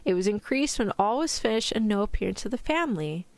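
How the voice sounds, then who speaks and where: Soft-spoken woman in a put-on British accent. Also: medium pitch, lively intonation, no echo. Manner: careful, deliberate pronunciation. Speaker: vtuber streamer. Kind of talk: soft-spoken ASMR reading.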